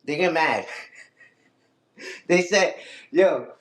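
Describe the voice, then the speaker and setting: A man's voice: high voice, animated, normal speed, roomy sound. A man hosting a casual livestream, talking back to his critics and repeating his own catchphrases. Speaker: livestream host.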